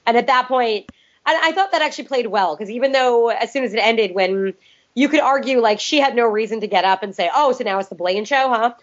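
On a dull lo-fi podcast recording, a woman co-host with a slightly high voice talks fairly quickly in a casual chat reviewing TV episodes. She rambles and hedges, saying "I don't know" a lot.

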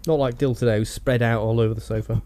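A man co-hosting a casual podcast, animated and jokey. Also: fast, no room sound. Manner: animated, bursts into silly high voices. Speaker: podcast co-host. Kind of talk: casual banter.

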